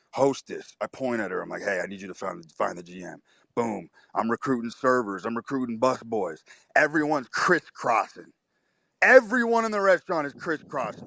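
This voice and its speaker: A man's voice: medium pitch, a bit bright, no echo. A man telling a story in a swaggering, profane, emphatic way on a live audio chat. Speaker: host.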